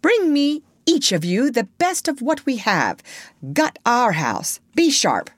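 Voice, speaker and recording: Lady reading as a bossy little boy captain, high and bright, barking orders. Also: wildly swooping pitch, normal speed, creaky, no room sound, clean studio sound, full character voice. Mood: commanding. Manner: bright, eager, commanding. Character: bossy boyish boy captain, eager and commanding.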